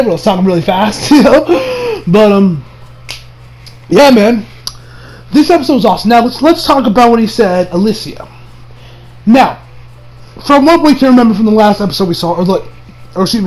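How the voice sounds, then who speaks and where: A young man excitedly recapping an anime episode, rambling, swearing, and laughing often. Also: high-pitched, poor audio. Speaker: anime reviewer.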